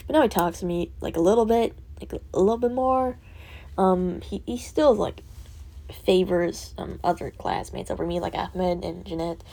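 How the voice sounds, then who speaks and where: A teenage girl venting in a rambling, laugh-filled way, with many fillers and curse words, dropping to a soft whisper at times. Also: medium pitch, vocal fry. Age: teens. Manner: rambling, full of fillers and swearing, laughing often. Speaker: student vlogger. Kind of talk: rambling personal vent.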